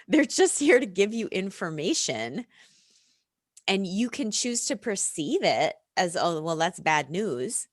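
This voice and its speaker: A middle-aged American woman, a yoga and reiki practitioner, talking in an unhurried, reflective way and laughing often in casual podcast chat. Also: medium pitch, very animated, dry recording, clean studio sound. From United States.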